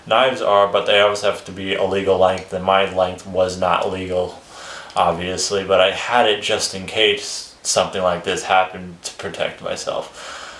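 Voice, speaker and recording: A man's voice: sits low, little pitch movement, moderate pace, a bit bright. A man casually telling his life story on a vlog, rambling and swearing freely, with chuckles between phrases. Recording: roomy echo.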